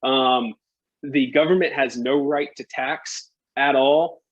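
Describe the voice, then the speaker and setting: A man's voice: medium pitch, steady tone, slow. A man with a mid-range voice tells history in a loose, joking way, leaning on "like" and "right?" as he goes. The recording is dull and lo-fi, like a home podcast setup. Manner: conversational, lots of "right?" and "like". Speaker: guest telling history. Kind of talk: casual history storytelling.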